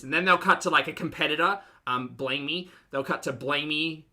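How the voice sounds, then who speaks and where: A man's voice: on the high side, normal speed, few pauses, bright, forceful tone. A man with an Australian accent hosting a casual reaction commentary, chatty and rambling with many fillers. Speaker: host.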